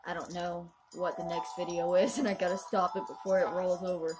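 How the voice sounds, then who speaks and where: A woman's voice: on the low side, level tone, brisk, over music. A woman hosting a reaction video, making chatty, offhand asides while she watches a film. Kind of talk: casual reaction commentary.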